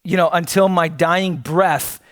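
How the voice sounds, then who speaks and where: A man's voice: on the high side, fairly even intonation, a little slow, a bit bright. A man preaching a sermon as pastor, earnest and blunt, with frequent fillers and restarts.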